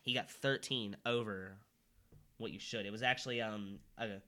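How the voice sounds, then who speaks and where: Young guy on a podcast, bright kinda low voice, lots of likes and ums. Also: fairly even intonation, normal speed. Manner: rambling, filler-heavy, restarts. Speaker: podcast co-host. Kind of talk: casual sports chat.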